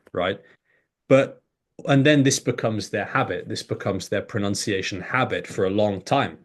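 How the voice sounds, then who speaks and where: A man with a fairly low voice talks through his ideas as a teacher, explaining steadily. He breaks into quick demonstrations of how learners pronounce words, so his delivery stays lively and hands-on. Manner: animated, demonstrates pronunciation examples. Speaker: English teacher, guest. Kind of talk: explanatory conversation.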